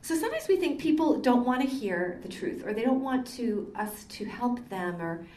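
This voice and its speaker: Older nun speaker, slightly high voice, chatty storyteller, distant mic in an echoey hall. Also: female voice, sing-song, normal speed, warm tone. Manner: chatty, storytelling, frequent ums. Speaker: Catholic sister giving a talk. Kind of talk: conversational lecture with anecdotes. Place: meeting hall.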